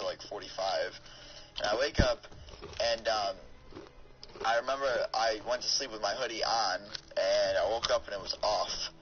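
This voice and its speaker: A man's voice: on the low side, sharp tone. Rambling young guy on a lo-fi mic. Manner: rambling, with many fillers and restarts. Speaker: YouTuber. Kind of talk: storytelling over gameplay commentary. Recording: dull lo-fi mic with clear background noise.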